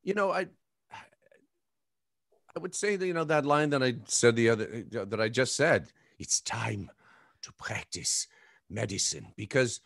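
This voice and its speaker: A man's voice: medium pitch, no echo, clean studio sound. A man, a game voice actor, chatting casually and playfully on a fan panel. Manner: animated, playful, laughs often.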